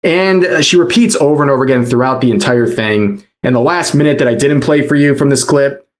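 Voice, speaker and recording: Measured male drama commentator. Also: medium pitch. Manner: measured, explanatory, repeats key points. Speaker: commentary narrator.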